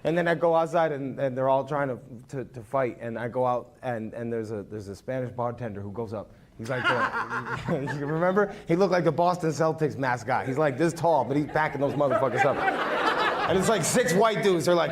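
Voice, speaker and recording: A man's voice: on the high side, lively intonation, brisk. A man doing a stand-up set with crowd work from a handheld mic in a small live venue, crude and self-deprecating as he teases the audience. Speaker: stand-up comedian. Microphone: handheld microphone. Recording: noisy live room recording.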